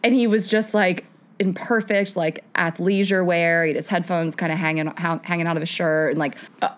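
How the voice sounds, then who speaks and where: A woman's voice: lowish voice, a little fast. A woman co-hosting a podcast in casual chat, telling a story with lots of laughter. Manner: animated storyteller, laughing often. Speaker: podcast co-host.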